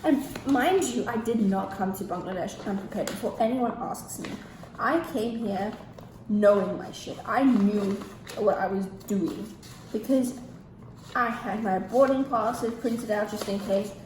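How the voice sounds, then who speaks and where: A teenage girl telling a storytime vlog, animated and ranting, with heavy swearing. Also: medium pitch, a little slow, slight background noise. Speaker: vlogger. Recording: echoey room with faint ambience.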